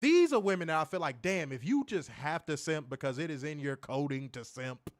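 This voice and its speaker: A man co-hosting a casual streamed chat, telling stories in an animated, profane way with loud bursts. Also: a little high, a little fast, dry recording, studio quality. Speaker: co-host of a wrestling review show.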